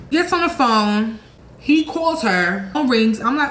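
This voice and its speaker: A young woman telling a storytime vlog, animated and blunt, swearing freely and acting out her own quoted lines. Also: a little high, measured pace. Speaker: channel host. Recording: echoey room with faint noise.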